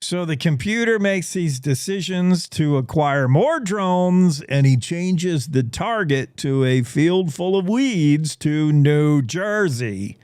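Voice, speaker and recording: Playful, higher-voiced morning radio host. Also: male voice, lively intonation, takes it slowly, hardly any pauses, a little mellow, clean tone, dry recording, studio quality. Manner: playful, spins speculative stories. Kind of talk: talk radio monologue.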